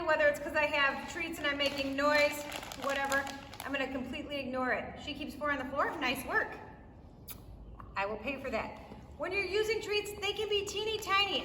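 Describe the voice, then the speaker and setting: A woman's voice: sits high, a little fast, sharp tone, a little hiss or hum. A woman dog trainer teaching a puppy class, explaining to viewers while she praises and rewards a puppy. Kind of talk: instructional demo. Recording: echoey room, faint ambience.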